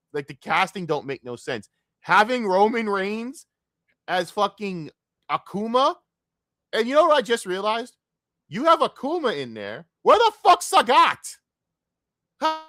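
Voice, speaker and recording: A man ranting in a casual, profane stream rant, jumping from loud outbursts to low grumbling. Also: dry recording, studio quality. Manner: profane, excitable, swings between loud outbursts and mutters.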